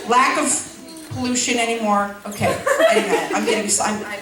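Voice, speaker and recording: A woman's voice: fairly high pitch, fairly even intonation, moderate pace, over loud music. A woman doing stand-up comedy who rambles through a story with stumbling restarts and giggly asides. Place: school event hall. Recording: echoey hall, far from mic, noisy.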